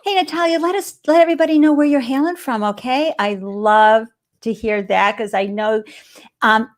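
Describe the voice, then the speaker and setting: Boston-accented woman, live stream host, bubbly and upbeat, voice sits a bit high. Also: moderate pace. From Boston area, US. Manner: bubbly and enthusiastic.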